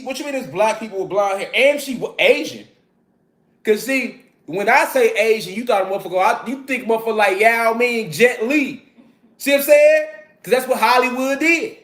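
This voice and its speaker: A man's voice: extremely high pitch, lively intonation, normal speed, a bit bright. A man giving a profane, preachy lecture to his viewers, full of repeated call-and-response asides. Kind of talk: street-style lecture to viewers.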